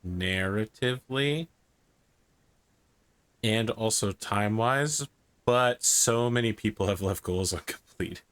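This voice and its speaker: A male game master narrates a tabletop game in a relaxed, unhurried manner, explaining rules with dry humor. His voice is lowish and the sound dry and close. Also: clear, resonant tone, no echo.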